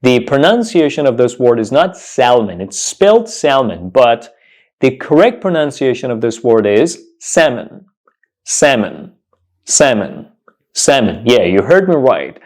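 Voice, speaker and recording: A man teaching English pronunciation, repeating each word slowly and putting questions to his viewers. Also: medium pitch, sing-song, darkish tone. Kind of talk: slow, deliberate pronunciation lesson.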